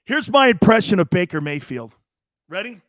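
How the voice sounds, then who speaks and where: A man's voice: sits high, big pitch swings, moderate pace, a bit bright, no room sound, clean studio sound. A man in his fifties hosting a sports talk show, ranting in a brash, mocking and profane way.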